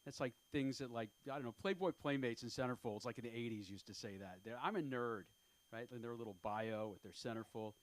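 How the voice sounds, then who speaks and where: A man in his fifties with a medium-pitched voice performs an open-mic stand-up set on a comedy club stage. His delivery rambles and is self-deprecating, halting often with fillers.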